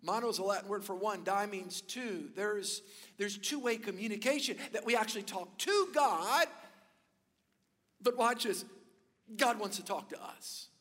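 A man preaches a sermon in a fairly high voice, animated as he tells stories and leans into emphatic points. His voice rings with the long reverb of a large hall. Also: a little slow. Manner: animated storytelling, rising to emphatic peaks. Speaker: pastor.

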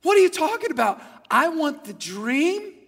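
A pastor acting out a furious, hotheaded ancient king who shouts angry demands. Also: extremely high pitch, fairly even intonation, fast, creaky, exaggerated voice. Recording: long church hall reverb.

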